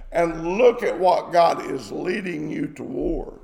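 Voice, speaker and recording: A man's voice: sits high, measured pace, gravelly, hardly any pauses, a little mellow. A man preaching a sermon, emphatic and repeating his phrases for stress. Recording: echoey hall with long reverb.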